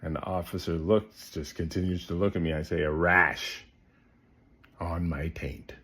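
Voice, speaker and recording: A man telling a comic story to the camera, swinging between loud bursts and hushed asides. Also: low-pitched, fairly even intonation, a little slow.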